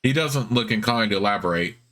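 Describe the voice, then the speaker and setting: A man hosting a let's play, reading the game text aloud in a plain, even way with offhand asides. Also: on the low side, brisk.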